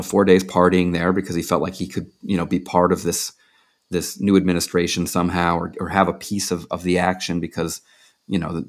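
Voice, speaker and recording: In an interview, a man with a deep voice, who works as a journalist and author, shares stories casually. His anecdotes wander loosely, peppered with plenty of fillers.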